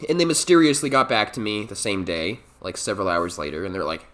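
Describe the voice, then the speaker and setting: Young male storyteller, swearing and animated, lively pitch that jumps around. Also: fast, few pauses. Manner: animated, profane, acts out quoted voices. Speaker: storytime YouTuber. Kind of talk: comedic storytime monologue.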